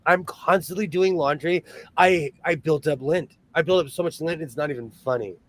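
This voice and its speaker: A man's voice: fairly high pitch, normal speed, a bit bright. A man hosting a sewing livestream, chatting casually and animatedly, laughing often.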